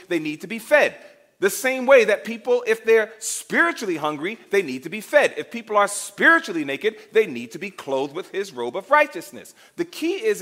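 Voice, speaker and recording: Animated high-voiced preacher. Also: male voice. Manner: dramatic, asks the congregation questions, acts out scenes. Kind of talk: sermon.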